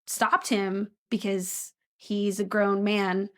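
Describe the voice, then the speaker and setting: A woman's voice: mid-range voice, flat delivery, slow pace. A woman co-hosting a podcast, chatting casually with lots of laughter and fillers. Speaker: podcast co-host. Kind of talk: casual chat. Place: apartment room.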